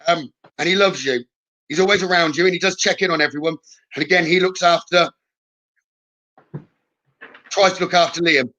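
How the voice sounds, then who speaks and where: A man's voice: on the high side, normal speed, long pauses, pushed and bright, dull audio. A man giving spirit messages as a psychic medium, reassuring and punctuating with "okay?". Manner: reassuring, keeps adding "okay?". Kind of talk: live spirit-message reading.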